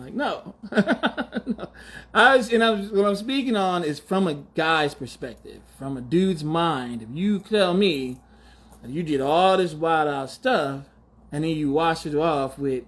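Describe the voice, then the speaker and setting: A man's voice: fairly high pitch, expressive, measured pace. A man in his forties hosting a podcast, talking in a casual, slangy, mock-outraged monologue with frequent laughter. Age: 40s. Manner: slangy, teasing. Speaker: podcast host.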